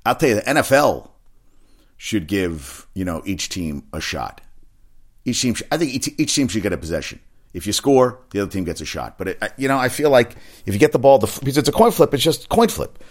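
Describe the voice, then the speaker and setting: A man with a slightly low voice rambles excitably through a casual sports chat, swearing freely as he goes. He talks like a personal trainer recapping his day and the games he watched. His delivery is loose and unscripted. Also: brisk.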